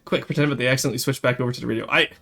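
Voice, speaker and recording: A man chatting casually on a live stream, animated and rambling, quick to laugh. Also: mid-range voice, vocal fry, soft background music.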